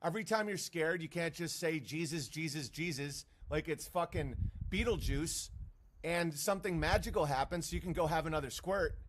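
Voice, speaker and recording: Brisk and fairly high-pitched, this male streamer's profane rant comes with a little hiss or hum in the audio. He mocks his targets and jumps into sarcastic impressions along the way.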